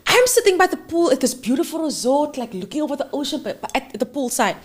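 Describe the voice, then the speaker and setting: A woman from the Cape Flats with a Cape Flats South African accent, chatting casually as a guest and mixing in Afrikaans, animated and quick to laugh. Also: sits high. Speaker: guest, theatre producer. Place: lives in New York.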